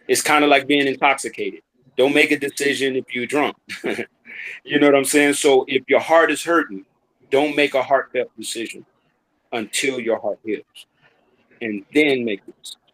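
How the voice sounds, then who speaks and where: A man co-hosting a live talk stream, talking in a reflective way and giving advice through measured sayings. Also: mid-range voice, a bit bright, poor audio. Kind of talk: casual chat.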